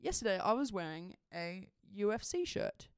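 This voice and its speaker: A young Australian woman co-hosting a podcast and telling a story in casual chat. She talks in an animated way, laughs often and swears freely. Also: medium pitch, normal speed, clear, resonant tone, no echo, studio quality. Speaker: podcast co-host.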